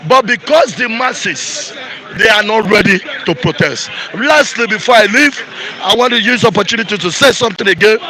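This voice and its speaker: A man's voice: high-pitched, animated, moderate pace, a crowd in the background, low-quality recording. A Nigerian man with a Nigerian accent, giving an angry, repetitive rant in a street interview.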